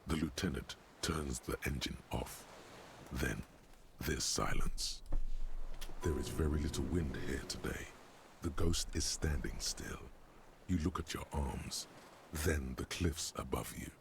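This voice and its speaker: A man voicing a game's narrator, deep and gravelly, with slow, measured, dramatic delivery. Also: noisy background, heavily acted. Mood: ominous. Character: gravel-voiced male game narrator, the inner voice. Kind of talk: scripted game narration. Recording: game audio with loud music.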